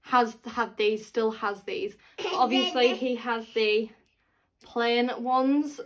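A woman's voice: fairly high pitch, fairly even intonation, takes it slowly. A pregnant woman chatting casually to camera at home, gushing and cooing to her toddler. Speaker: vlogger and mother.

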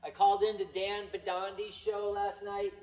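A man's voice: high voice, completely flat delivery, normal speed, a little mellow. A man from California hosting a casual, rambling Bible teaching session and swearing freely. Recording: echoey room, mic far off.

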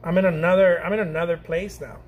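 Brief: middle-aged man, high-pitched, hyped and slangy, chatting loosely while he paints in his studio. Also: quick pace, phone-quality sound. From Mexico. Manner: excitable and slangy, laughs often, repeats himself. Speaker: painting instructor. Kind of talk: casual chat while painting.

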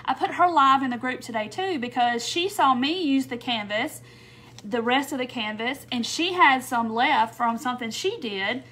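Woman, high voice, chatty livestream host, greets viewers by name, lots of "um"s. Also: normal speed, slight background noise. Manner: chatty, warm welcomes, frequent little laughs and "um"s.

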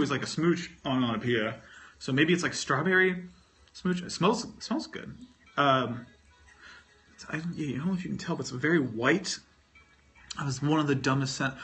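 A man's voice: medium pitch, fairly bright tone, slight background noise. A man chatting casually on a livestream while eating candy, rambling and self-mocking, swearing freely and talking with his mouth full. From North Carolina, US. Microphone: phone.

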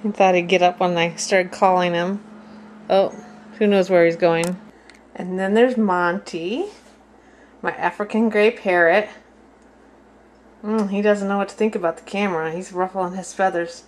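A woman filming her pets at home in casual narration, talking to them in high sing-song baby talk. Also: fairly even intonation, measured pace, pauses often, poor audio.

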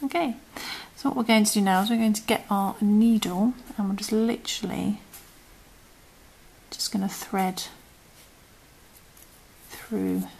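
A woman's voice: medium pitch, fairly even intonation, unhurried, vocal fry, long pauses, a little mellow, a little hiss or hum. A British woman hosting a crochet tutorial, talking casually through each step and sometimes dropping to a murmur as she works. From United Kingdom. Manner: chatty, often trailing into murmurs and whispers while working.

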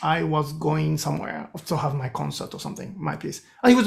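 A man with a Japanese accent, a composer talking as a guest in an interview, telling animated stories with many restarts. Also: on the high side, brisk, vocal fry. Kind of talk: casual interview storytelling.

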